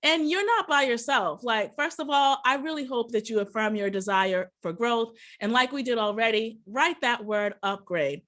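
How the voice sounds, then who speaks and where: A woman's voice: fairly high pitch, moderate pace, few pauses, fairly bright tone. Upbeat woman leading an online workshop. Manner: upbeat, hyped, singing and cheering at times. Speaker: workshop presenter and business coach. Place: her office.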